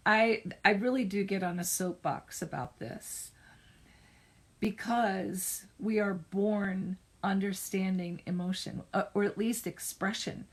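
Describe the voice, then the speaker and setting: A middle-aged therapist talks in a relaxed way during a live stream, her mid-range voice steady as she recounts something from her own life and gives advice. She takes her time, revises her phrasing mid-sentence, and stresses what matters most.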